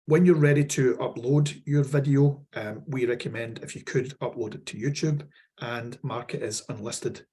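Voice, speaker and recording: A man's voice: medium pitch, normal speed, warm tone, breathy edge. A man with a Scottish accent presenting a workshop, rambling with fillers and repeated words, losing his voice. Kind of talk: webinar walkthrough.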